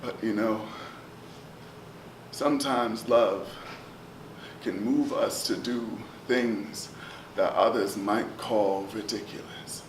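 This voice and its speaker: A man's voice: on the low side, slow, long pauses. Man, spoken word poet, rhythmic chanting delivery, roomy echo, distant mic with ambient noise. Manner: rhythmic, chanting delivery swinging from loud calls to near whispers. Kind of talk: spoken word poetry performance.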